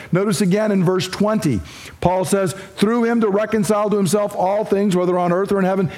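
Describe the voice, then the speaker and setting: A man's voice: high voice, darkish tone. A man preaching an expository sermon, speaking emphatically and repeating his points for stress. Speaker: pastor.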